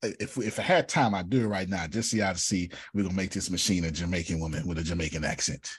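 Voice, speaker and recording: A man's voice: sits low, quick pace, breathy edge. A man hosting an online workshop in a casual, joking teaching style, often repeating himself for emphasis, heard over a video call.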